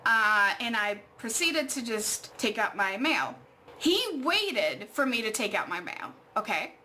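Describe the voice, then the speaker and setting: A woman's voice: mid-range voice, big pitch swings, a little slow, pushed and bright, slight background noise. A young adult woman vlogging at home, telling an exasperated story full of fillers and swearing. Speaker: art vlogger. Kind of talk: casual storytime vlog.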